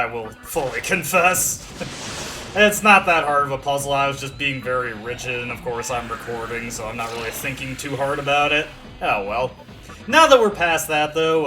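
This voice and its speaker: A man's voice: mid-range voice, bright, forceful tone. A young man casually commenting on a video game as he plays, thinking aloud with many fillers and self-deprecating asides. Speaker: let's play commentator. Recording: faint game music behind.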